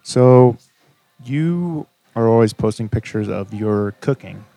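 Casting: man of middling pitch, easygoing interviewer, curious and full of questions. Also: expressive, slow pace, mellow, no echo. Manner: curious, asks many questions. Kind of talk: casual chat over a meal.

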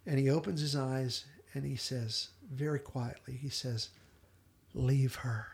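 A man co-hosting a podcast, animatedly retelling a TV episode and quoting the characters in quick little voices. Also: mid-range voice, creaky. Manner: animated storyteller, quotes characters in brief voices, laughs often. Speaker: podcast co-host.

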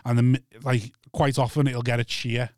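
A man's voice: medium pitch, flat delivery, moderate pace, a little mellow, dry recording, studio quality. A man with a Scouse accent, a comedian telling stories candidly in a casual podcast chat, wry and self-deprecating. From Liverpool.

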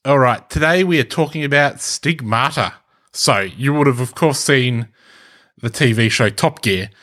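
Aussie bloke introducing the topic, dry jokes, average pitch. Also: male voice, moderate pace, bright, forceful tone. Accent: Australian. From Australia. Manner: wry, joking. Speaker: podcast co-host. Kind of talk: casual chat.

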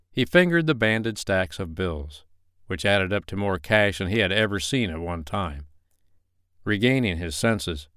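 A man narrating a romance novel chapter in a steady, even reading. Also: on the low side, smooth, dry recording, studio quality. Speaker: audiobook narrator. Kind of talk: scripted narration.

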